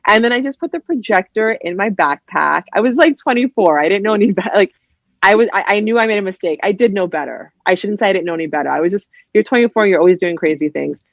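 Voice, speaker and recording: A woman from New Jersey, a writer guesting on a podcast, telling stories in a casual, animated way, full of "like" and "you know," and acting out other people's voices. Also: mid-range voice, fast, creaky, dry recording, highs cut off. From New Jersey, USA. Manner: heavy use of "like" and "you know". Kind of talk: casual interview storytelling.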